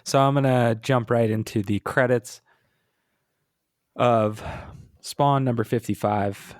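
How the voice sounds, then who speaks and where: A podcast co-host who is a little sick and congested, chatting casually with frequent restarts. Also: male voice, mid-range voice, slow pace, dry recording, studio quality. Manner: relaxed, hesitant, frequent restarts. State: congested, sniffly. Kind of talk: casual chat.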